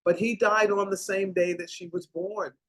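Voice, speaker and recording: A woman's voice: medium pitch, steady tone, normal speed, low-quality recording. An older woman hosting a heartfelt talk show, speaking in an emotional way and stretching out her words. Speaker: host.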